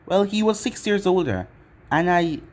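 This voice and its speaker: A man's voice: sits high, very animated, moderate pace. A man narrating a fan story in first person, with sarcastic asides.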